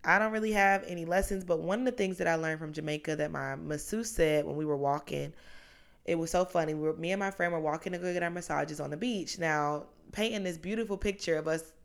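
Woman in her twenties, lower voice, hosting a podcast alone, loose and chatty with tangents. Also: steady tone, brisk, vocal fry. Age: 20s. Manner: chatty, rambling, goes off on tangents. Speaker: podcast host. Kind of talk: casual solo podcast monologue.

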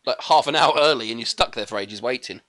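A man co-hosting a podcast, chatting casually about a film with quick, jokey rants. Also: medium pitch. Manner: quick, animated, jokey ranting. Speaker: podcast co-host. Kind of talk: casual chat reviewing a film.

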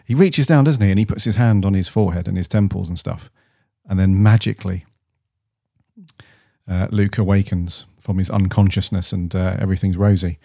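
A man in relaxed banter, dropping casual swear words as he chats through the news. His voice sits fairly low and mellow. The sound is close and dry. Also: brisk, vocal fry, dry recording. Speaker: podcast co-host. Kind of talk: casual chat.

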